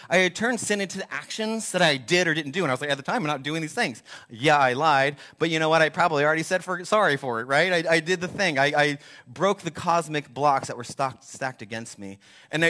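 A man in his forties gives a sermon with a bright, slightly high voice. He tells a candid, self-deprecating personal story with animated asides. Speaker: pastor.

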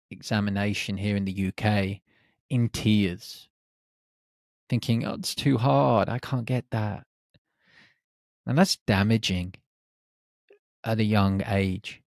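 A man hosting a reflective solo podcast, speaking in short, unhurried phrases. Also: fairly low pitch, dry recording, studio quality. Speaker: podcast host.

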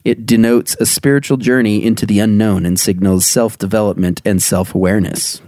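A man's voice: fairly low pitch, fairly even intonation, fairly quick, warm tone, no room sound. A man hosting a podcast, reading dream meanings aloud in a casual, jokey way and laughing often. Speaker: podcast host.

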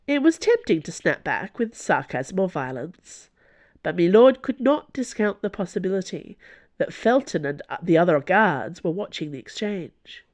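A woman narrating a novel in a steady, even storytelling manner. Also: on the low side, normal speed. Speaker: audiobook narrator. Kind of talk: scripted narration.

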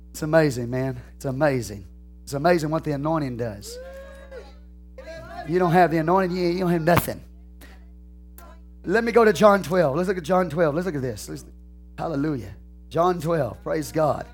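A male pastor preaching a sermon, dropping to hushed asides and rising to shouted, repetitive call-and-response lines. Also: on the high side. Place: church sanctuary.

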